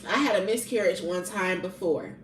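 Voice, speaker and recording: A woman's voice: mid-range voice, normal speed. Woman in her 30s, candid vlog storyteller, blunt and profane; roomy echo, set back from the mic. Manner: blunt and profane, with colloquial grammar. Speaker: vlogger sharing personal testimony. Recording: roomy echo, distant from the mic, faint background noise.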